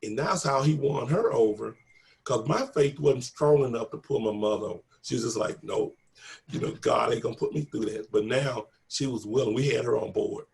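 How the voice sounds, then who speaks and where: A man's voice: mid-range voice, fairly quick, creaky, a little mellow. A middle-aged man earnestly retelling a personal story in a casual, emotional way, acting out quoted dialogue. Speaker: guest telling his story.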